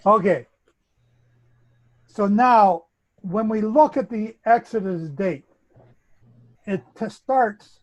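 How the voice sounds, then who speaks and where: A guest speaker with a Canadian accent and a high-sitting, slightly mellow voice methodically explains a bible chronology in a lecturing manner. The sound is lo-fi.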